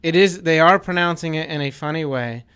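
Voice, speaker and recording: A man's voice: on the high side, brisk, bright, forceful tone, clear, resonant tone. A man co-hosting a running podcast, teasing his co-host in wry casual chat.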